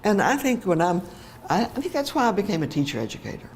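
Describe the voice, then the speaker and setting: An older woman, a teacher educator, telling a heartfelt personal story in an animated way, with fillers and laughter. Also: medium pitch, fast, slight background noise.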